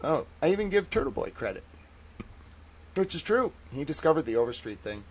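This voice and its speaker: A man's voice: a little high, very animated, a little fast, creaky, a little hiss or hum. Rambling, profane male livestream host. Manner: rambling, digressive, swings between loud outbursts and muttered asides; profane, sarcastic. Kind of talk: casual livestream commentary.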